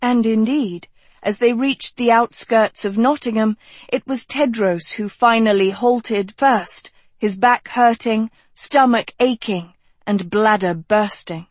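An audiobook narrator reading a fantasy novel in a measured, unhurried storytelling manner. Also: mid-range voice, no room sound.

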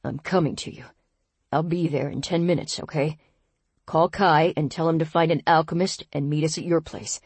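A woman voicing a calm, level-headed young man who speaks in a smooth, slow, soothing way, in an audiobook. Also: sits low, dry recording.

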